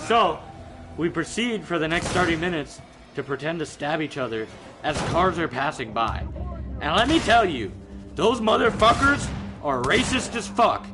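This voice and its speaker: A man's voice: fairly high pitch, normal speed, over music, poor audio. Swearing man telling stories. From Georgia, US. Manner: animated, swearing, laughing storyteller. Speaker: stream guest. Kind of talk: casual storytelling on a game stream.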